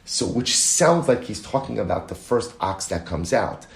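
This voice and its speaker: Rabbi giving a Talmud lesson, low-pitched male voice, echoey room, animated delivery. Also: vocal fry. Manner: animated, explains aloud, reads Aramaic quotes quickly. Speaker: rabbi teaching daily Talmud class. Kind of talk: Talmud lecture.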